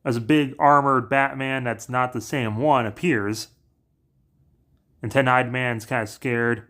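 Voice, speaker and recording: A man casually narrating a plot recap in a brisk, offhand way. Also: mid-range voice, steady tone, a bit bright. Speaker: narrator pitching story ideas.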